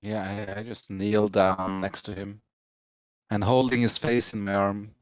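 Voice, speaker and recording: A man playing a tabletop game, speaking in character, earnest and quick to laugh. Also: fairly low pitch, fairly even intonation, clean tone, no echo, dull audio. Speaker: player.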